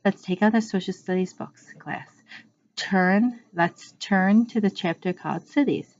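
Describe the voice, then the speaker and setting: A woman's voice: mid-range voice, a little slow, close to an everyday voice. A woman reading aloud gives voice to a kind, patient grown woman schoolteacher in a storybook. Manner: kind, patient, gently amused. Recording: muffled lo-fi recording.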